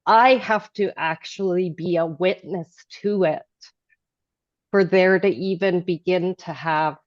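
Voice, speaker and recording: A woman sharing a personal story in a casual group chat, rambling and restarting, now and then bursting into loud, animated remarks. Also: fairly low pitch, slow, no echo, lo-fi sound. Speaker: group participant.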